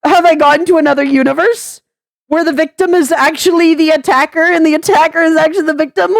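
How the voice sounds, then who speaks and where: Woman vlogger, high voice, sarcastic venting with frequent laughs, dry close sound. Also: fairly even intonation, fast, creaky, dry recording. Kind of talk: venting commentary.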